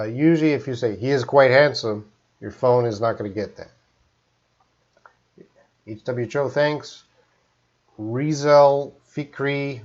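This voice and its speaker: A man's voice: mid-range voice, lo-fi sound. A man from Canada teaching English in a live stream, reading out viewer questions and answering them plainly.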